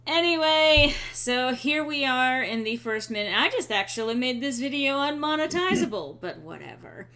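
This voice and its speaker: A woman's voice: high voice, animated, moderate pace, few pauses, sharp tone. A young woman streaming a game, chatting casually with sarcastic asides and frequent ums. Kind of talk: casual let's-play chat.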